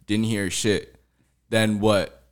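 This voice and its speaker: A man's voice: lowish voice, level tone, slow pace, clean tone. A man co-hosting a podcast, telling a story in a laid-back, slangy way and swearing often. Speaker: podcast co-host. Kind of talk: casual storytelling chat.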